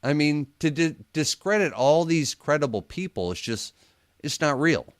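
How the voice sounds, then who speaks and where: Animated, chatty man telling a story. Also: fairly high pitch, normal speed, no echo, studio quality. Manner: animated storyteller, laughs often, acts out quotes. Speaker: paranormal investigator guest. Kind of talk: casual radio interview storytelling.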